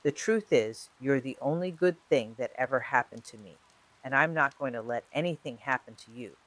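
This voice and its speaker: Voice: mid-range voice, moderate pace, fairly bright tone, lightly acted, rough recording. A narrator voicing a desperate, guarded woman. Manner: pleading, then defensive. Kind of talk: true-crime storytelling.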